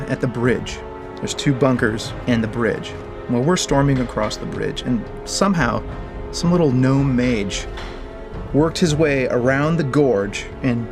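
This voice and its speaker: Man telling a lively story. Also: mid-range voice. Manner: animated, joking storyteller. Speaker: game developer. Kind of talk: interview anecdote.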